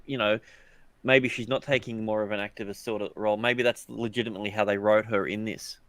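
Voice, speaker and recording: A man's voice: fairly low pitch, fairly even intonation, quick pace, a bit bright, no room sound. A man co-hosting a podcast in casual chat. He thinks aloud and sometimes trips over his words. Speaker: podcast co-host.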